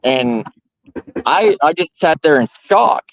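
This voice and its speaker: A young adult man from Georgia, telling a long story at a firepit in a halting, rambling way with many restarts. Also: on the high side, animated, no echo, dull audio. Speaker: storyteller host. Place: outdoors by a firepit.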